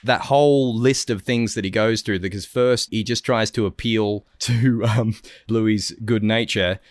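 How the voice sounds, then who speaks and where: Animated man, dry close sound. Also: fairly low pitch, unhurried, no room sound. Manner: animated, laughs often, acts out quotes. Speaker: podcast co-host. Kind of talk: casual chat.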